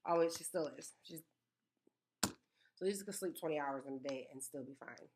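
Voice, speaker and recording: Animated woman in her thirties, lowish voice. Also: fairly quick, background noise. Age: 30s. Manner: animated, emphatic, repeats words for effect. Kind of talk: casual storytelling chat.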